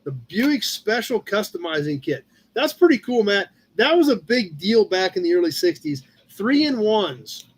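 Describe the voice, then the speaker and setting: In a high, sing-song, slightly rough voice, unhurried, a Midwestern American man hosts a live chat show about car hobbies. He sits in a room at home with a cat nearby, casually rambling over viewer posts, using plenty of fillers and calling people by name.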